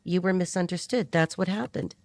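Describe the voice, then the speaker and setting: A woman's voice: on the low side, brisk, vocal fry, darkish tone, no room sound. A woman giving a rambling, blunt, casual tarot reading to her viewers. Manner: rambling, chatty, blunt and irreverent. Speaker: tarot reader.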